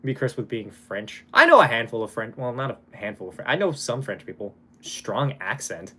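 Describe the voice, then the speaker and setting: A man's voice: medium pitch, big pitch swings, normal speed, fairly bright tone. A young man from Hawaii chatting casually on a live stream, reading donations and swearing now and then.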